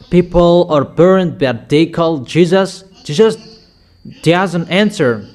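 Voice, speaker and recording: Slow, emphatic male preacher. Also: on the high side, darkish tone. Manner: emphatic, declaiming, repeating commands. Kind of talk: sermon.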